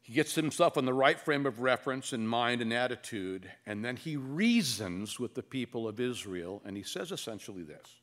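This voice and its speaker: A male pastor delivering an expository sermon. His pitch rises and falls widely as he reads and explains scripture. He slips in wry humor and leans on dramatic pauses. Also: expressive, fairly bright tone.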